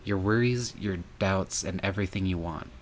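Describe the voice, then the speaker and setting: A man's voice: sits low, normal speed, slight background noise. A man streaming and reading a visual novel aloud, earnest and emotional, with some angry outbursts.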